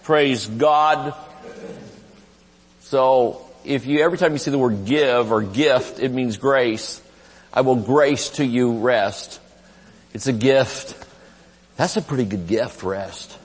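A man in his fifties preaching a humorous, lively sermon at a live conference, laughing as he talks and shouting some lines. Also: mid-range voice, takes it slowly, slightly rough. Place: large church sanctuary. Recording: live sermon with long hall reverb.

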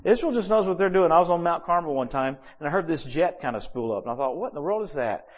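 Speaking quickly, the pastor tells stories in his sermon with great animation, his voice leaping in pitch and volume.

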